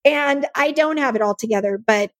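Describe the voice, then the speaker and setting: A bubbly woman in her thirties talks earnestly and with feeling as a podcast guest. Her voice sits on the high side. The sound is dry and close. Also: normal speed, dry recording. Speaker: nonprofit founder, podcast guest. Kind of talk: casual interview chat.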